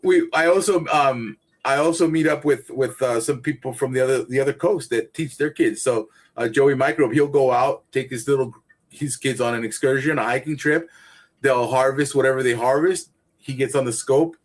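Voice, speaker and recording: A man's voice: medium pitch, normal speed. A man who teaches gardening, a guest on a casual livestream chat, rambling and enthusiastic with lots of restarts.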